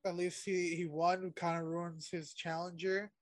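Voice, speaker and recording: A man's voice: high voice, little pitch movement, a little slow. A man co-hosting a wrestling podcast, talking laid-back with lots of fillers and swearing. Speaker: podcast co-host. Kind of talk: casual wrestling podcast chat.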